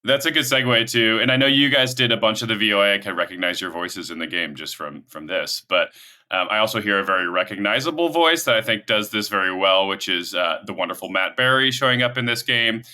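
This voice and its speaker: A male podcast host asks his guests friendly, enthusiastic questions. His tone is very bright and edged, over a fairly low pitch. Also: brisk, clear, resonant tone. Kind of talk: casual podcast interview.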